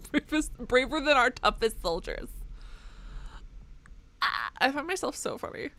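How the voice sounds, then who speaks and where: A woman's voice: high-pitched, lively intonation, slow pace, bright, forceful tone. A young woman streaming a game, talking casually with sarcastic, self-mocking jokes and snatches of song. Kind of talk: casual live-stream commentary.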